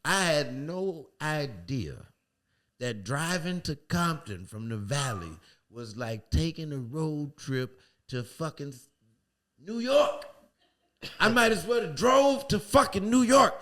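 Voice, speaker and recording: A young man co-hosting a podcast, telling a profane, animated story and acting out what people said. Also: a little high, slow. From from a city outside LA. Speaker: podcast co-host. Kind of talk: casual storytelling chat.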